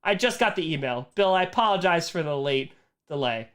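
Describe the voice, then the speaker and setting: A young man ranting on a live stream, animated and exasperated, trailing off and repeating himself as he talks. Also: a little high, brisk, smooth.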